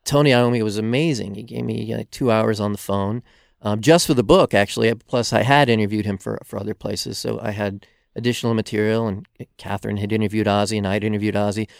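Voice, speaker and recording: Gravelly, smooth-voiced male author storytelling. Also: fairly low pitch, fairly even intonation, no room sound, studio quality. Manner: halting, full of fillers, storytelling. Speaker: author and interview guest. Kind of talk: casual interview storytelling.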